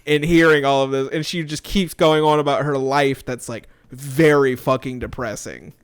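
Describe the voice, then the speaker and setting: A man's voice: medium pitch, fairly even intonation, moderate pace, clean tone. A young man telling a rambling, swearing story about a coworker in a casual podcast chat. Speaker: podcast co-host.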